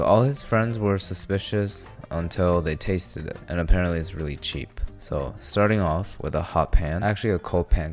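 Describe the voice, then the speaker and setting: A man narrating his cooking video in a relaxed, chatty way, with wry asides. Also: deep voice. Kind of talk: casual recipe narration.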